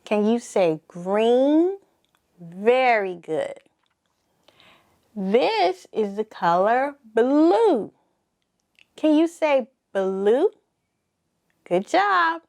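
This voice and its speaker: Slow, lively-voiced woman teaching young children. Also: fairly high pitch. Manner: encouraging, asks children to repeat words. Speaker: preschool teacher.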